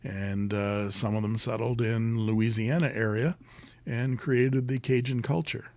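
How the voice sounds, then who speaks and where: A man's voice: medium pitch, steady tone, a little slow, darkish tone, no room sound. A man hosting a casual live stream, chatting and reading viewer comments aloud in a rambling way with many fillers.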